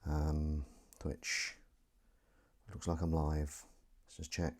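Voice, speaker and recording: A man's voice: extremely low pitch, completely flat delivery, slow, darkish tone. A man hosting a casual solo livestream, rambling and self-mocking while he sets up and greets viewers. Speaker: livestream host.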